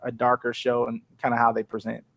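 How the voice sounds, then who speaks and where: Male podcast co-host, mid pitch, halting, lots of filler words. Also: monotone, vocal fry, a bit bright. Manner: halting, full of fillers and restarts. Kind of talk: casual chat.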